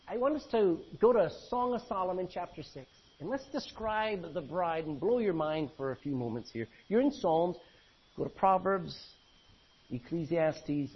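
A man pastor preaching a sermon, reading old-fashioned scripture aloud and swinging between loud emphasis and low, quiet lines. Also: husky. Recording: dull lo-fi recording.

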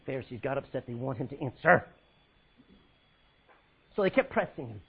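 A male preacher delivering an emphatic sermon, swinging from loud, high calls to low, hushed lines. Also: animated, moderate pace, slightly rough, phone-quality sound.

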